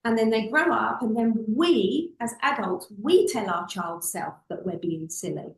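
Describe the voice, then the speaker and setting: A woman's voice: a little high, measured pace, gravelly, roomy sound, rough recording. A woman, a public speaking coach, telling stories expressively as an interview guest. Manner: expressive, acts out voices in anecdotes.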